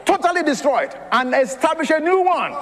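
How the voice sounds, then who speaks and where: High-voiced male preacher in a reverberant hall. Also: animated, fairly quick, a bit bright. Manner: preaching with storytelling and laughter. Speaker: pastor. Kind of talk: sermon.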